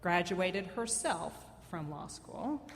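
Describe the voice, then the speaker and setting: A woman's voice: fairly low pitch, lively intonation, takes it slowly, big-room sound, a faint crowd, a little hiss or hum. A woman in her fifties telling a personal story live on stage, conversational, wry and self-mocking.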